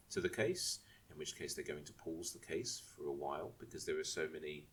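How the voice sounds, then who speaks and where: A man with a very low voice, talking casually on a podcast. He rambles and restarts his sentences as he explains things to the other hosts. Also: a bit bright, a little hiss or hum. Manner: rambling, restarts and asks if he may speak. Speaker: podcast co-host. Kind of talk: casual chat.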